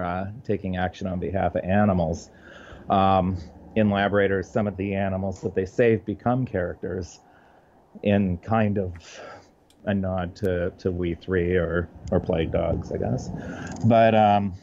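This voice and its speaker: A man's voice: low voice, a little mellow, highs cut off, slight background noise. A man, a comic book writer, talking casually in an interview, often restarting his sentences. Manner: halting, many restarts and fillers.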